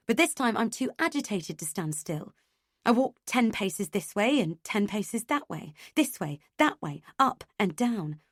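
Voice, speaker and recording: A woman reading a first-person thriller audiobook in a tense, measured way. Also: medium pitch, no echo, clean studio sound. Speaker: audiobook narrator.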